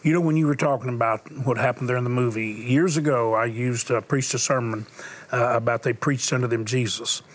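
An older man hosting a Christian talk show, telling a story in an earnest preaching manner and dropping to a hushed voice at emotional moments. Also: mid-range voice, fairly even intonation, fairly quick. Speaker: TV host and preacher.

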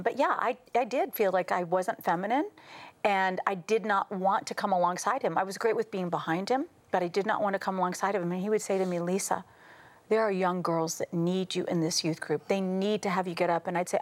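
A middle-aged American woman, a talk show guest, telling stories with lively quoted voices and frequent laughter. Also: mid-range voice, a little fast. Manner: animated, acts out quotes, laughs often. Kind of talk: casual talk show storytelling.

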